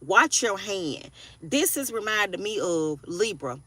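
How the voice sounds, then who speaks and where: A woman's voice: medium pitch, very animated, measured pace, bright, forceful tone. A woman in her forties giving a casual tarot reading, blunt and profane, preaching and often asking if you hear her. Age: 40s. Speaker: tarot reader.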